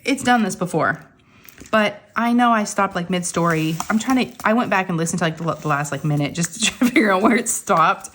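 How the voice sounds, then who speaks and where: A woman's voice: mid-range voice, animated, brisk, a bit bright, slight background noise. Woman in her forties, chatty home vlogger, rambling storyteller. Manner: chatty storytelling with many fillers. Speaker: crafting vlogger. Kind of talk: casual chat to viewers. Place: home craft table. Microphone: phone camera.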